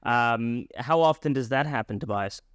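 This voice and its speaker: A man's voice: medium pitch, normal speed, a bit bright, clean tone, no echo. Man asking long, rambling questions. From North America. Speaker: interview host. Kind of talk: interviewing a guest.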